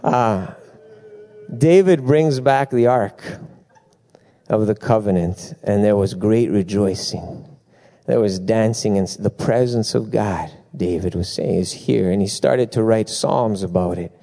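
A middle-aged man preaching a sermon, telling lively stories with asides and bursts of laughter. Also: fairly low pitch, a little slow, gravelly. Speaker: pastor.

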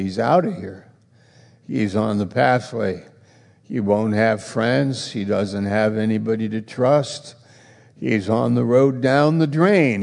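A man's voice: fairly low pitch, creaky, darkish tone, in a large hall. A man preaching a sermon, repeating phrases and building to emphatic, challenging questions. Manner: repetitive, emphatic preaching that swells into rhetorical challenges.

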